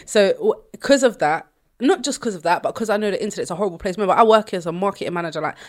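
A woman's voice: medium pitch, rapid-fire. A young woman, a radio DJ, telling stories in a casual podcast chat and laughing often. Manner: animated storytelling, laughing often.

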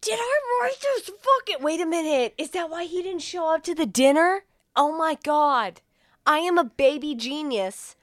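A woman's voice: sits high, expressive, moderate pace, a bit bright, dry recording, clean studio sound. A young woman co-hosting a comedy podcast, sarcastic and crude, swearing as she mocks a film. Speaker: podcast co-host. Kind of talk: casual comedic chat.

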